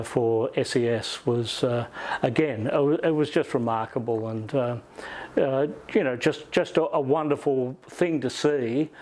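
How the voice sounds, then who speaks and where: A man's voice: mid-range voice, a little mellow. A middle-aged Australian man answering interview questions reflectively, with many "uh" and "you know" fillers. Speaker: interview guest, music journalist.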